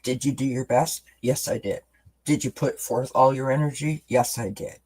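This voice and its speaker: Male tarot reader on a live stream, mid-pitched, rambling and warmly chatty, lots of restarts. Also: steady tone, normal speed, husky, low-quality recording. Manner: talks directly to viewers as friends.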